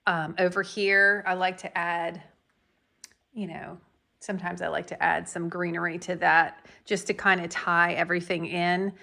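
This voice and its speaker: A woman's voice: on the low side, level tone, moderate pace, vocal fry, sharp tone. Middle-aged woman, home vlogger; blunt, folksy, chatty. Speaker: home decor YouTuber. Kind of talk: casual decorate-with-me vlog.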